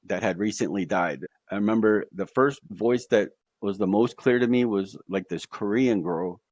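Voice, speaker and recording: A man's voice: on the low side, normal speed, darkish tone, no echo, studio quality. A man telling his near-death experience as a podcast guest, earnest, with many fillers. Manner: earnest storytelling with fillers, quoting voices he heard.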